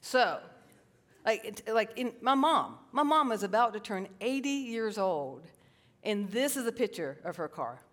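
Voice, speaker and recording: A middle-aged woman from South Carolina, a psychotherapist giving a lively, self-mocking storytelling talk and calling the crowd y'all. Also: on the high side, a little slow. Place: large hall with a stage. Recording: long reverb of a large hall.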